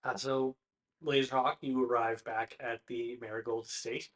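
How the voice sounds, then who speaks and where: A man's voice: medium pitch, little pitch movement, moderate pace. A man running a tabletop game as game master, narrating in a casual, hesitant way with frequent fillers.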